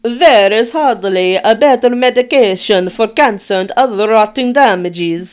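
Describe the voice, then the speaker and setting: A pompous Italian Renaissance doctor in a hammy mock accent, put on by a woman. He sounds a touch higher and farther off than her plain voice. The line is thin and tinny, like a phone. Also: measured pace, lightly acted. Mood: solemn.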